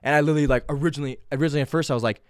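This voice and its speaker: A young man hosting his own podcast, talking loudly and fast in a rambling way, full of restarts and swearing, straight to a camera. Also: on the high side, fairly even intonation, dry recording, studio quality. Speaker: podcast host. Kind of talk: casual solo podcast monologue. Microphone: camera mic.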